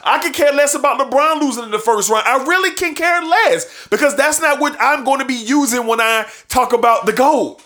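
A man's voice: extremely high pitch, fairly quick, hardly any pauses, sharp tone. A man hosting a sports show, ranting emphatically and repeating his points for effect, with bursts of laughter between points. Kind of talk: sports opinion rant.

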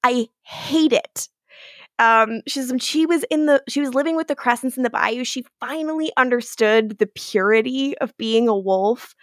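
In a clean, studio-quality recording with no echo, a podcast co-host with a fairly high voice talks at a moderate pace with few pauses. She casually recaps an episode, acting out lines with animation and swearing from time to time.

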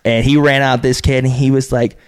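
A man's voice: mid-range voice, level tone, brisk, clean tone. Young man telling a story with a laugh. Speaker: podcast guest, former player. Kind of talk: casual storytelling.

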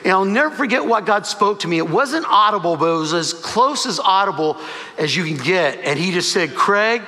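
Man, pastor, emotional sermon storyteller; high bright voice, hall reverb. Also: lively intonation, fairly quick. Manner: emotional storytelling, quoting dialogue. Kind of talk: sermon testimony.

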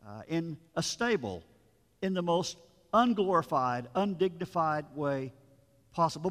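Pastor guy telling a story in a sermon, fairly high voice, long echo off a big church room. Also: lively intonation, normal speed, fairly bright tone. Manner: storytelling, conversational asides. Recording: long reverb of a large room.

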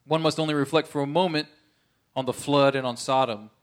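A man's voice: mid-range voice, fairly even intonation, fairly quick. A man preaching a conversational sermon, earnest, often checking in with his listeners.

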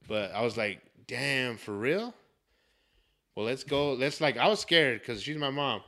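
A young man hosting a casual podcast, telling a story in a profane, animated way. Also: mid-range voice, normal speed. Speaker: podcast host.

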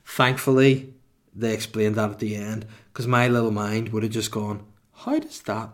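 A man's voice: on the low side, little pitch movement, moderate pace. A man in his thirties hosting a comedy podcast alone, rambling through irreverent, sweary asides. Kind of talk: comedic solo podcast monologue.

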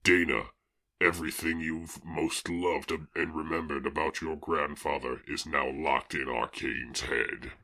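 A man voicing a grave swamp monster hero, speaking in a very deep, rumbling voice with slow, solemn delivery. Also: fairly even intonation, gravelly, sharp tone, heavily acted. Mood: pleading.

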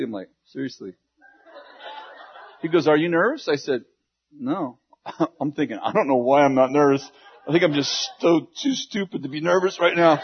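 A man's voice: a little high, muffled recording, slight background noise. A man preaching, telling a humorous, self-deprecating story with lots of restarts and quoted dialogue. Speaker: pastor. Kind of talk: sermon storytelling.

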